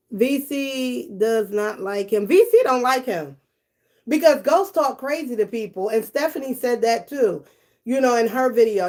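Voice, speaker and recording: Slow-talking blunt woman streamer. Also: fairly high pitch, a little mellow. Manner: blunt, profane, gossipy, laughs often; talks directly to her viewers. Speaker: live stream host reading chat. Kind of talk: casual live-stream commentary.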